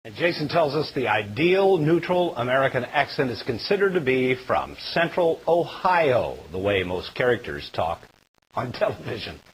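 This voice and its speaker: A man presenting the news from a script in a measured, conversational way. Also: medium pitch, big pitch swings, husky, rough recording. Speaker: news anchor.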